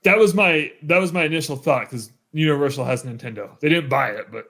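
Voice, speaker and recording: A man co-hosting a podcast, quick, joking and easily amazed. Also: on the high side, a bit bright. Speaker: podcast co-host. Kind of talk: casual podcast chat.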